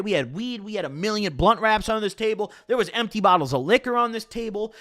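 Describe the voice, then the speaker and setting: A young man telling a casual, profane story in his own voice. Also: high-pitched. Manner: casual and profane, animated retelling.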